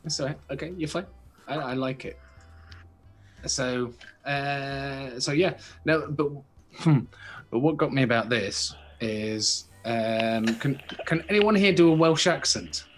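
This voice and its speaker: A man's voice: mid-range voice, slow, soft background music. A British man co-hosting a casual podcast chat, rambling with many restarts. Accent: British English. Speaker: podcast co-host.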